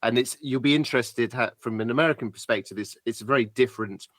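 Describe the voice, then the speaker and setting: A man's voice: mid-range voice, fast talker, a bit bright, no echo. A British man, a guest on a podcast, telling stories in a reflective, polite and chatty way. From Britain. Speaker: guest adventurer. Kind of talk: casual podcast interview.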